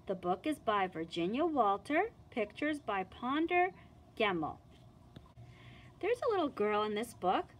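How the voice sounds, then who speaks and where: A woman, a children's librarian, reading a picture book and singing a song to young children in an animated, sing-song manner. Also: medium pitch, unhurried, slight background noise.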